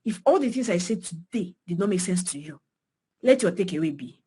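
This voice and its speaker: A young woman with a Nigerian accent speaks with fiery conviction to beginners, hammering points home by repeating them. Her voice is husky and slightly rough, leaping up high and dropping low as she presses each point. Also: lively intonation, brisk. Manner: emphatic, swings pitch and loudness widely, repeats phrases for emphasis. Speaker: design mentor speaking to beginners. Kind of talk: passionate motivational talk.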